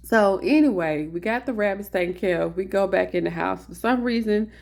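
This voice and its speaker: A woman vlogger talks casually to her viewers from an indoor office, telling a story with animated energy. Her mid-pitched voice has a gravelly crackle running through it. She keeps calling her audience "honey". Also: a little fast.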